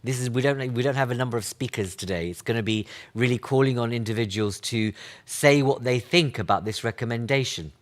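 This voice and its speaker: A man moderates an online panel over a video call. His voice sits at an ordinary middle pitch, and he moves things along briskly. He presses each guest with short, pointed questions.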